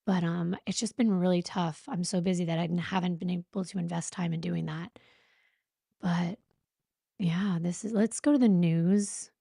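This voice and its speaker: A woman's voice: lowish voice, steady tone, moderate pace, vocal fry, mellow, husky, no echo. Jittery woman livestreaming, dry close sound. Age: young adult. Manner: jittery and anxious, breathless, sighing. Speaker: true crime livestream host. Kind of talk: nervous casual livestream chat. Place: home streaming setup with a fan running.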